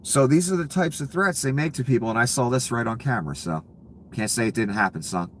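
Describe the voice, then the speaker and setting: A man's voice: medium pitch, brisk, a bit bright, slight background noise. Profane, heated male political commentator. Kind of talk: angry political rant.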